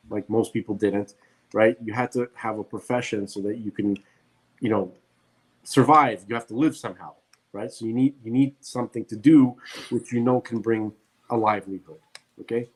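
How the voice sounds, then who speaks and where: A man's voice: on the low side, fairly even intonation, moderate pace. A man co-hosting a podcast, speaking in a blunt, ranting way with emphatic repetitions. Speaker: podcast co-host. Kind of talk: casual opinionated chat.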